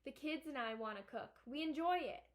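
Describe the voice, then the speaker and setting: A woman reading aloud, voicing a gruff, limping farmer father who speaks in a hearty, grumbling way. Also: high voice, fairly quick, lightly acted.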